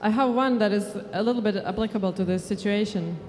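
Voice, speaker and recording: A woman's voice: medium pitch, darkish tone. Hesitant woman co-hosting on stage. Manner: hesitant, with many pauses and fillers. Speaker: event co-host. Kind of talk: improvised stage banter. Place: large conference hall on stage. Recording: long reverb in a large hall.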